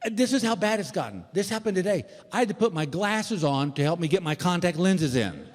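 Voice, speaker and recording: A man's voice: sits high, expressive, a little fast. A man, telling stand-up stories in a folksy way and acting out both sides of the dialogue. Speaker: stand-up comedian. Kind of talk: stand-up comedy set. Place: large theater with audience. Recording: live theater hall with reverb.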